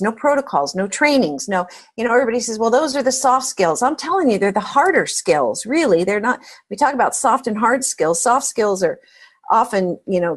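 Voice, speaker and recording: A woman's voice: medium pitch, breathy edge. A middle-aged woman, a guest on an interview podcast, explaining her views emphatically and telling stories. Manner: emphatic, storytelling. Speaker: podcast guest, accounting advisor. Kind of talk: interview answer.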